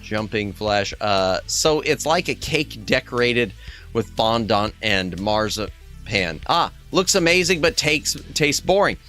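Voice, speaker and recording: A man's voice: animated, slow, bright, forceful tone. A man streaming as a VTuber, chatting casually with his viewers in a rambling, self-correcting way, his throat strained. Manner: rambling, self-correcting, jumps to high squeaky exclamations. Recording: faint music behind the voice.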